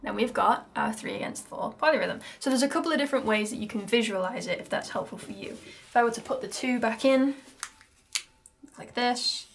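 A woman's voice: on the high side, fairly quick, gravelly. British woman teaching handpan rhythm. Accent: British English. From Britain. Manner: counts beats aloud, chatty and explanatory. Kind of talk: music lesson. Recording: music playing in background. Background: handpan music.

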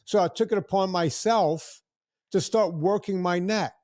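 A man's voice: high-pitched, measured pace, darkish tone, no echo, clean studio sound. A man in his sixties hosting a podcast, rambling in casual chat with many restarts and acted-out quotes. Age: 60s. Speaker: podcast host.

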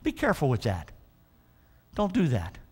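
A male pastor preaching a sermon in a church, emphatic and calling for responses from the congregation, slowing right down to stress scripture. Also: mid-range voice, huge pitch swings, breathy edge.

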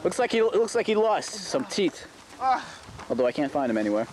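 Excitable man calling a backyard wrestling match. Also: high-pitched, brisk, crowd noise. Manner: excitable, frequent gasps of "oh". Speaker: wrestling commentator. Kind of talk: excited play-by-play commentary. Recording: noisy outdoor camcorder audio.

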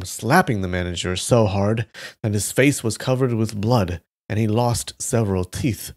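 A man reading a story aloud on a live stream with steady delivery. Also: on the low side. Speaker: live reader.

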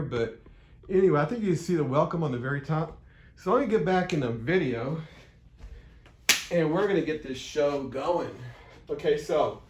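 A man talks through an unscripted sales pitch, rambling, restarting and turning blunt. His voice sits a little high. The room is echoey and he stands well back from the mic. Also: a little mellow, recorded from a distance. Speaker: affiliate marketer presenting his offer. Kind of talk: unscripted raw video pitch. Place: room, filming himself beside a board.

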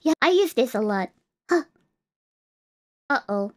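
A woman's voice: a little high, expressive, unhurried, darkish tone. A woman VTuber streamer showing off her outfit in a cutesy, playful, exclamatory way. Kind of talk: casual live-stream outfit showcase.

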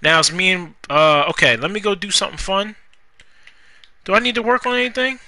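A young man giving casual, profane commentary while playing a life-simulation game, scolding the characters out loud. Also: sits high, fairly quick. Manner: animated, profane, talks to the game characters, rhymes jokingly. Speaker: gaming YouTuber. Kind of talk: casual Let's Play commentary.

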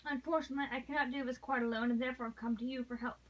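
A desperate noblewoman pleads urgently for her husband's life, as a woman reads her lines from a novel. Her voice sits high and earnest. The sound is dull and lo-fi. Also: fairly even intonation, very fast, far from the mic. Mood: calm resolve. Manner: earnest, urgent, rising to passion.

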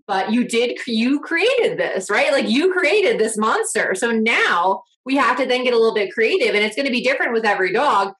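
A woman co-hosting a dog-training podcast in casual, expressive chat. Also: on the high side, rough recording.

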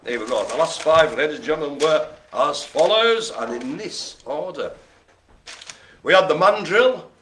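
Man, bingo host, slightly high and very animated, goofy patter. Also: normal speed, a little hiss or hum. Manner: showman patter with puns and silly noises. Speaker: host of a live online bingo show. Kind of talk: jokey live bingo calling.

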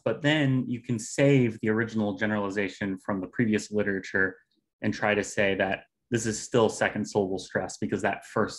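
A man giving an academic talk on phonology, explaining stress patterns with measured pacing and occasional fillers. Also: fairly low pitch. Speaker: linguistics presenter.

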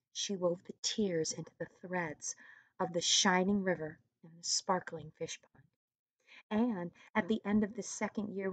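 A woman teacher reading a storybook aloud to young children, pausing to ask them questions in soft, hushed asides. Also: medium pitch, dry recording.

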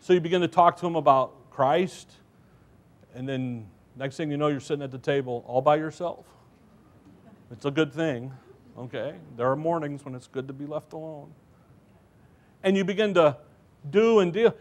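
A man's voice: fairly high pitch, moderate pace, pauses often. A man preaching a church sermon in a folksy storytelling way, with asides to the listeners.

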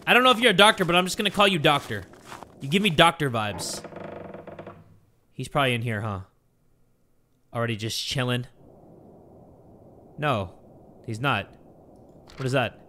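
A young man giving let's play commentary on a horror game, joking around and yelling in excitable panic. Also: mid-range voice, moderate pace, long pauses, slight background noise. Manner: excitable, jokey, yells in panic. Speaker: gaming YouTuber.

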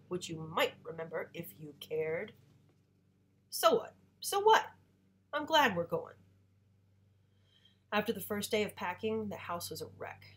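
A woman reads a novel aloud, the way a teacher does for students who missed class. Her voice sits a little low and has a husky grain. She lifts and sharpens the father's lines and drops the mother's to a hush. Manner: reads dialogue with raised voice for the father, quieter for the mother. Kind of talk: read-aloud storytelling.

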